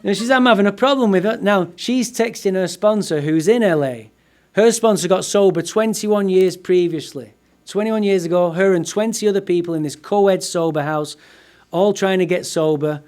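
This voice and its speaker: A man's voice: sits high, normal speed, a little mellow. A man giving a comic, profane personal story to a live recovery-meeting audience. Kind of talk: humorous personal storytelling talk.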